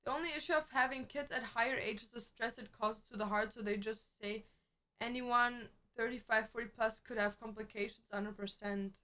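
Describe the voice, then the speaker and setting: A young woman chats casually on her stream. Her voice sits high and sounds bright and sharp. She swears freely and laughs often as she tells stories. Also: fairly even intonation. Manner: chatty, swearing, quick to laugh. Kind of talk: casual chat.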